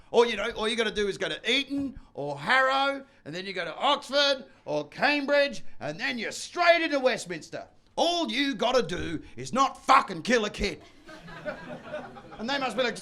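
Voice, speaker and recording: A middle-aged man doing a stand-up comedy set, loud and profane, breaking into shouted high put-on voices. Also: big pitch swings, normal speed, slight background noise.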